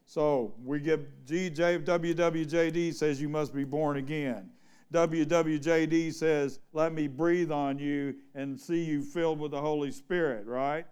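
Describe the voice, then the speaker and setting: A man's voice: fairly high pitch, steady tone, unhurried, darkish tone, smooth. A man preaching an informal sermon to a small church, reading scripture and asking the congregation questions in a folksy, conversational way. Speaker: pastor.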